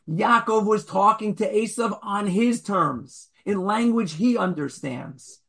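A man giving a Torah lecture in a conversational, animated way, joking with his listeners and acting out the people in the story. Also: vocal fry, husky. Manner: animated, acts out the figures with sudden jumps in pitch and loudness; conversational, jokes with the audience.

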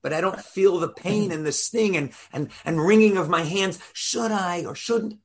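A man's voice: sits high, moderate pace, breathy edge. A rabbi teaching an informal Torah class, explaining step by step and quizzing his listeners in a conversational way.

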